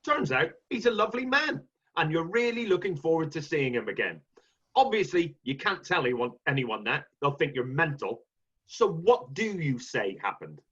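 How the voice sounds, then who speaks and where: Comedian guy, husky, voice all over the place, playful, kinda muffled lo-fi audio. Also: fairly high pitch, very animated, normal speed, fairly bright tone. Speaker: comedy panelist. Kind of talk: comedy panel podcast chat. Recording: dull lo-fi sound.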